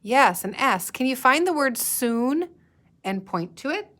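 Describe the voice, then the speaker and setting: A woman teacher speaks at an unhurried, deliberate pace, walking young readers through new words one sound at a time. She stretches words out, repeats them and leaves pauses for the children to answer. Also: high-pitched, sing-song, fairly bright tone. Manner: slow, patient, sounding out words and pausing for answers. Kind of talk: recorded guided-reading lesson for young students.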